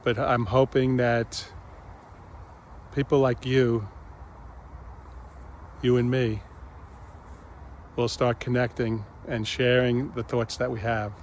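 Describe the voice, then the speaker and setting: A man hosting his own reflective spiritual vlog, speaking gently and pausing often. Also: mid-range voice, level tone, a little hiss or hum. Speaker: channel host.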